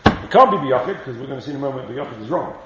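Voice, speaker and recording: Speaking rapid-fire at a medium pitch with lively intonation, a man teaches a Torah class over crowd noise. It's an energetic Talmud lesson where he quizzes students and chants quoted Hebrew texts; the recording is roomy, dull, lo-fi, and faintly hissy.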